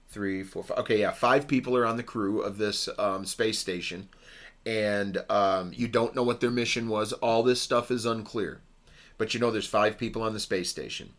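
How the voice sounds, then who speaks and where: Male podcast co-host, casual, halting movie recap full of fillers. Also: lowish voice, a bit bright. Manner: rambling, many ums and restarts.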